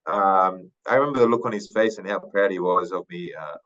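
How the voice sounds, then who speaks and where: Low-voiced man, unhurried, lo-fi sound. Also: fairly bright tone. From Papua New Guinea. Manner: thoughtful, unhurried, many fillers and restarts. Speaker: podcast guest, retired rugby league player. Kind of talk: casual interview storytelling.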